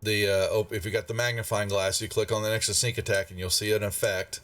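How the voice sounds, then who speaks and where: A man's voice: fairly low pitch, little pitch movement, fast, fairly bright tone, distant mic, soft background music. Rambling, casual male game master. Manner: casual and rambling, with many fillers. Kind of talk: narrating a tabletop game.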